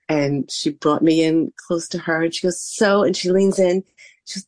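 An older American woman, a guest in an interview, telling stories with lively acted-out quotes. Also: deep voice, normal speed. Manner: animated anecdotes with acted-out quotes. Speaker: interview guest, former theme park performer and interviewer. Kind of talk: storytelling in a conversational interview.

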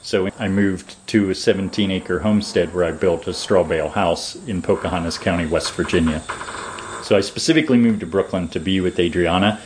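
Low-voiced man explaining at length. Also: slight background noise, rough recording. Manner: measured, lecturing explanations. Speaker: permaculture designer, interview guest. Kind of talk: interview answers.

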